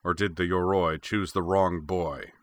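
A man's voice: sits low, fairly even intonation, a little slow, a bit bright, no echo. A man doing a growling stern warlord. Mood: taunting. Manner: growling, commanding. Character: big stern older male warlord, harsh teacher.

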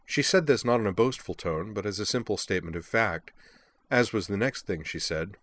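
A man narrating a story in an even, measured reading. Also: on the low side. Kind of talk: audiobook narration of fan fiction.

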